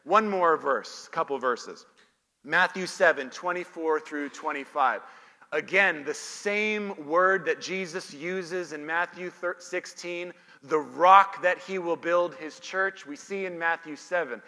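A pastor delivers a sermon in a high, bright voice, taking his time over each phrase. He preaches emphatically, posing questions and answering them himself. His voice rings out with the long reverb of a big church hall. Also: expressive, takes it slowly.

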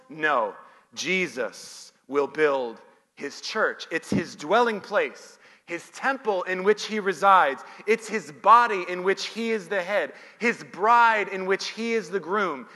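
A man's voice: high voice, sharp tone, big-room sound. A man preaching a sermon as pastor, reading scripture and firing off rhetorical questions that he answers himself.

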